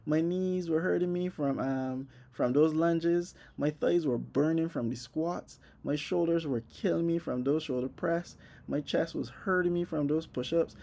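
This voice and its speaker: A young man telling a comic story about a workout, animated and profane, acting out his own reactions. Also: on the high side, measured pace, vocal fry, few pauses. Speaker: vlogger. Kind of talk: comedic personal storytelling.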